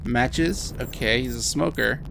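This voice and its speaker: A man's voice: mid-range voice, measured pace, gravelly, background noise. A man giving casual gameplay commentary, reading in-game text aloud and adding wry asides.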